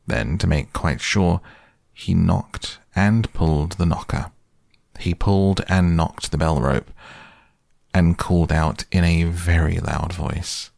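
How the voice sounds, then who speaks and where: A man narrating a children's storybook in a slow, measured, gentle way. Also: low voice, gravelly, husky, no room sound, clean studio sound. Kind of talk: storybook reading.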